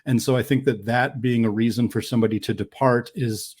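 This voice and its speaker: Measured analytical podcast man. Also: medium pitch, fairly even intonation, a little mellow, slightly rough. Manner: measured, analytical, trails off mid-thought. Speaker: podcast co-host. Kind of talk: casual sports talk.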